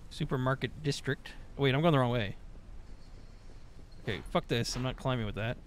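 A man's voice: medium pitch, moderate pace, a little hiss or hum. A man streaming gameplay, talking loosely and profanely with jokes. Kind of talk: casual live gameplay commentary.

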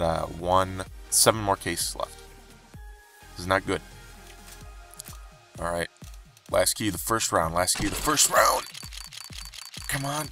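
A young man commenting as he opens game cases, frustrated and pleading, breaking into high outbursts. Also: a bit bright. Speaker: gaming YouTuber. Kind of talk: game case-opening commentary.

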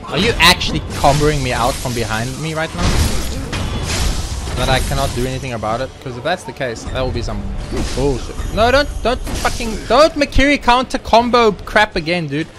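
A man's voice: fairly high pitch, expressive, a little fast. A young man commenting on his own gameplay, swearing heavily and ranting at the game. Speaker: let's play gamer. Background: game music.

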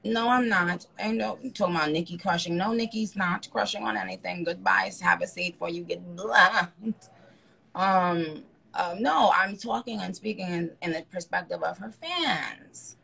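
A woman's voice: fairly low pitch, expressive, moderate pace, vocal fry, bright, forceful tone. A woman hosting a phone live stream, chatting casually and teasing her guest in a blunt, profane way.

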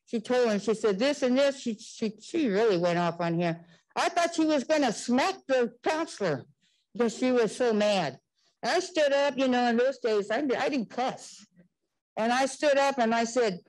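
An older woman on a community panel, recalling her school years in animated storytelling and acting out the quoted voices. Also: fairly high pitch, moderate pace, rough recording. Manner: animated, acts out quoted dialogue.

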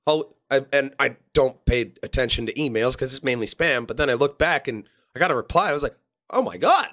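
A man's voice: medium pitch, a little fast, a bit bright. A man, hosting a podcast and telling stories in casual chat, acting out quotes in shifting voices. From Philadelphia area. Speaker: podcast host.

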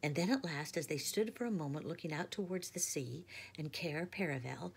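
Woman reading a storybook aloud, low voice, gravelly and husky, hushed, half-whispered. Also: a little fast, slight background noise. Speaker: teacher.

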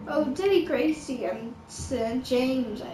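A woman with a high, expressive voice gives casual game commentary at a measured pace, rambling and exasperated and full of filler words. She's a gamer, and the recording has a roomy echo, with game music playing in the background as noise.

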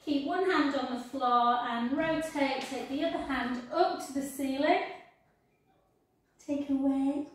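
A woman with a high voice guides a workout class, counting reps and giving encouraging cues at an unhurried pace. She stands some distance from the mic, and the room around her is strongly echoey. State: out of breath at times. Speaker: fitness instructor.

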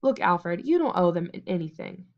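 A woman voicing a calm, soft-spoken teenage boy who coaxes his friend in a storybook reading. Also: on the low side, moderate pace, gravelly, muffled recording, exaggerated voice. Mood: coaxing.

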